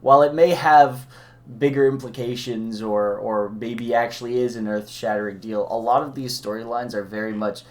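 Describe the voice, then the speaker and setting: A man's voice: mid-range voice, fairly even intonation, normal speed, darkish tone. A man co-hosting a casual movie discussion podcast, talking with lots of fillers and frequent laughs. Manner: chatty, laughs often, filler-heavy. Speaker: podcast co-host.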